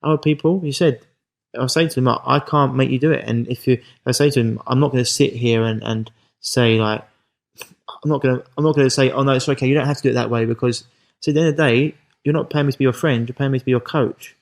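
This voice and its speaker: A man's voice: mid-range voice, fast talker, vocal fry, low-quality recording. A man hosting a podcast as a health coach, chatting casually and acting out what clients say to him. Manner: animated storyteller acting out client quotes.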